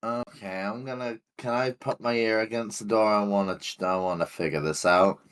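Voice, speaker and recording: A man's voice: fairly low pitch, steady tone, moderate pace, a bit bright, clean tone. A man playing a tabletop game, casual and playful, laughing often. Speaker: player.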